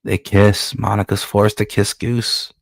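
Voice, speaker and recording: A man, a comic book creator, casually walking through his own comic in loose, profane, excitable commentary. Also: on the low side, a little slow, vocal fry, no room sound, studio quality.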